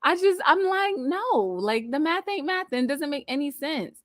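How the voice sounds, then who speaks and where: A sassy woman in her thirties chats her way through a reality TV recap, lively and quick with her opinions. Her voice sits a touch high, and the close recording is dry, with no room sound. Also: dry recording. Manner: animated, sassy, drops into mocking quoted voices. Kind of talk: casual recap chat, reading viewer comments.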